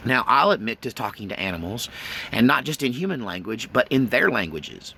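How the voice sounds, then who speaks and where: Middle-aged male vlogger, gravelly, casual and rambling. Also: medium pitch, big pitch swings, fairly quick, pushed and bright, a little hiss or hum. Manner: rambling, folksy, with many fillers. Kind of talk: casual chat to camera.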